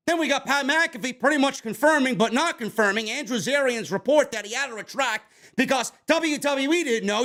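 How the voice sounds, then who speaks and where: A man's voice: very high-pitched, a bit bright. A man with a New York accent hosting a wrestling review show, ranting in a heated, profane, sarcastic way. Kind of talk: ranting commentary.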